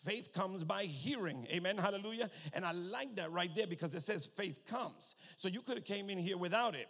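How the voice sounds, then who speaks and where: A man preaching a sermon, peppering his points with hallelujahs and amens, slowing down to stretch key words and swelling to loud emphasis as he asks the congregation if they hear him. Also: high-pitched, expressive. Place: church sanctuary with long reverb. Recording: long reverb of a church hall.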